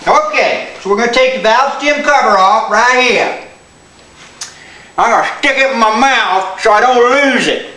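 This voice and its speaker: A man with a very high, bright voice clowns through a homemade how-to, full of folksy country slang and hammy yelps. The sound is echoey, like a home video shot by a truck. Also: a little slow. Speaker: comic tire-check demonstrator. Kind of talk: goofy comedic how-to video.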